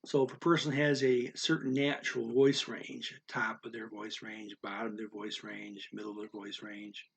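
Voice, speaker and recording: A man teaching the tones of Mandarin in a casual spoken lesson, unhurried and halting, stopping to demonstrate with exaggerated high and low sounds. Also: little pitch movement, vocal fry, husky. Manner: unhurried, halting with fillers and restarts.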